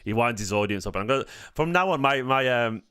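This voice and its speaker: Mancunian bloke rambling on a fan stream, jokey and sweary, clean smooth voice, dry sound. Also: male voice, mid-range voice, lively intonation, fast talker, fairly bright tone, dry recording. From Manchester, England. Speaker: fan channel host. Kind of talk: casual live-stream chat.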